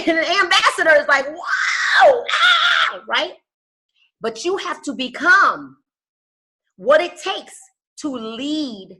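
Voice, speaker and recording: This woman's voice sits high and bright, and her pitch moves a lot. She mentors a group over a call in a preachy, emphatic way. She swings between loud, charged lines and quiet, hushed ones. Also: low-quality recording. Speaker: guest speaker and business mentor. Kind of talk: motivational talk on a call.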